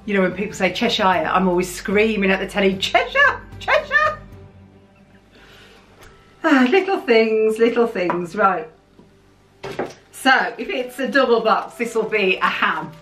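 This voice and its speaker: A woman from the United Kingdom, chatting excitedly as she unboxes things for her channel. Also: mid-range voice, moderate pace, soft background music. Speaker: vlogger. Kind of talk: casual chat while unboxing. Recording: roomy sound from a distant mic.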